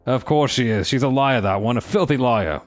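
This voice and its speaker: A man doing a gruff Cockney dwarf. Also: mid-range voice, normal speed, faint music behind, pitched above the performer's own voice, natural voice. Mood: scornful. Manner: gruff, defiant, scornful. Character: grumbling working-class male dwarf agitator. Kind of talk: video game dialogue read aloud.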